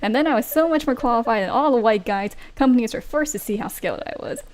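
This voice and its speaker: Brief: woman doing a strict immigrant dad, loud, scolding, raised pitch, lecturing his kids. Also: expressive, fast, soft background music, close to an everyday voice.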